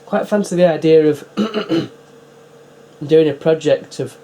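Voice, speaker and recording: A man's voice: fairly high pitch, slow pace, dark tone. Wry man commenting on gameplay. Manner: wry, chatty running asides to himself. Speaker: retro PC builder and player.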